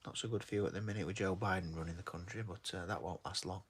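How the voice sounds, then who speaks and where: A man's voice: deep voice, steady tone, fast talker, breathy edge. A middle-aged Yorkshireman, plain-spoken and blunt, chatting casually on a livestream and reading out viewer comments. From North of England. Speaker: livestreaming artist.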